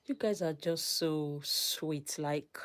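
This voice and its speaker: A woman's voice: deep voice, takes it slowly. A woman hosting a casual live stream, reading out viewer comments and thanking them with emotion. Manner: reads out viewer comments and gives shout-outs.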